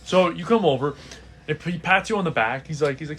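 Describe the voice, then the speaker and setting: A man with a fairly high voice runs a tabletop role-playing game as game master. He narrates scenes in a relaxed, chatty way, full of "like" and "uh". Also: fairly quick, a little hiss or hum. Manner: casual, many fillers, laughs often.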